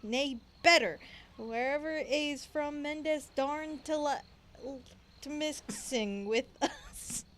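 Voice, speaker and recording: A woman's voice: high-pitched, takes it slowly, fairly bright tone, a little hiss or hum. A woman voicing a greedy male pirate sailor in a put-on pirate accent, stumbling over the dialect as she reads. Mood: gruff.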